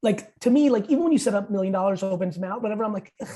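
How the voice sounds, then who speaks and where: A man in his forties, a podcast guest, telling stories in blunt, profane, rapid-fire talk. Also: high-pitched, dark tone, lo-fi sound. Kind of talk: casual podcast interview.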